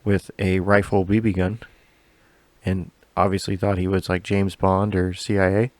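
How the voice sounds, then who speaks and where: A man with a fairly low voice tells a long, meandering story on a podcast, with swearing scattered through it. The sound is dry and close, with no room around it. It is casual talk between friends. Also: little pitch movement, moderate pace, no room sound. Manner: profane, rambling, laughs a lot. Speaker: podcast co-host.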